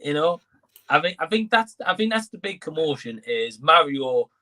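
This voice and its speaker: Male co-host, bright and forceful tone, conversational, thinks out loud. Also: on the high side, very animated, normal speed. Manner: conversational, thinking aloud with fillers. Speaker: co-host of entertainment live stream. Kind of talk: casual chat.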